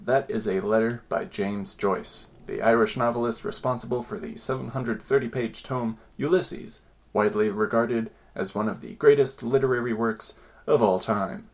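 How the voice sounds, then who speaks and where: A man hosting a podcast who talks in a quick, rambling way. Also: mid-range voice. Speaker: podcast host. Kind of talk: casual podcast chat.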